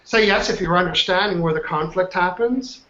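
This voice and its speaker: A man's voice: sits high, normal speed, pushed and bright. A man leading an online coaching class, upbeat and chatty, often checking in with his students. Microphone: video call. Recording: muffled online call audio.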